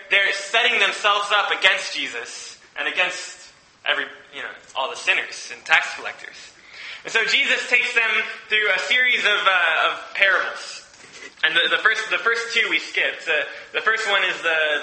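A man's voice: high voice, sharp tone. A man preaching a sermon, reading a parable aloud and then explaining it in a conversational way, with frequent restarts and asides. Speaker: pastor. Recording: echoey room.

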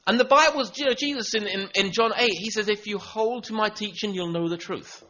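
A man's voice: high voice, fairly quick, bright, forceful tone. A man giving a sermon as pastor, earnest, often repeating words as he restarts a phrase. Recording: dull lo-fi recording.

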